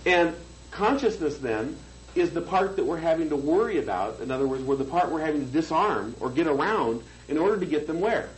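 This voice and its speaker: A man's voice: on the high side, expressive, fairly quick, a little hiss or hum, rough recording. A man teaching a hypnosis seminar, lecturing conversationally and checking in with the room. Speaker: hypnosis trainer.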